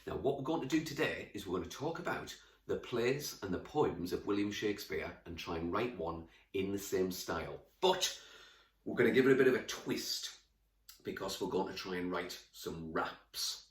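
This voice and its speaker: A man teaching a lesson to young children, talking straight to them in a lively way. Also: sits low, normal speed, roomy sound, distant mic. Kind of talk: classroom lesson to camera.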